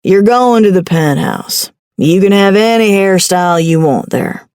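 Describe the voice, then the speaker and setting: A woman voicing an impatient male grim reaper in an audiobook, speaking curtly in a deep southern drawl. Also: animated, darkish tone, smooth, no echo, clean studio sound, lightly acted. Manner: curt, brisk, a little annoyed. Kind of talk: audiobook character voice.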